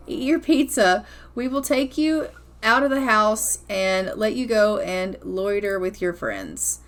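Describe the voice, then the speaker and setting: A woman with a slightly high voice talks through her game in a loose, chatty way. She is blunt and curses casually as she comments on what her characters do. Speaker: gameplay commentator.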